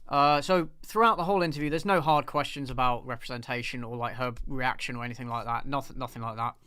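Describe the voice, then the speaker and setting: Exasperated man ranting, smooth voice. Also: mid-range voice, steady tone, quick pace, sharp tone, no echo, studio quality. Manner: exasperated, swears freely, repeats himself while ranting. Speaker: film reviewer and host. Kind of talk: casual live commentary over a played clip.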